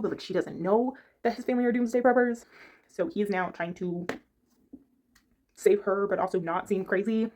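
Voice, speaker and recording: A chatty woman talks casually about books, in a voice of ordinary pitch. She rambles from point to point and stops to hunt for the right word. She speaks from her bedroom. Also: brisk, a little mellow. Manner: chatty, rambling, gropes for words. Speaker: book reviewer. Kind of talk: casual chat.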